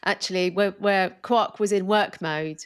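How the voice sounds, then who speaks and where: Woman co-hosting a podcast, chatty, medium pitch. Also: steady tone, a little slow, clean tone. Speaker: podcast co-host. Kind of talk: casual chat.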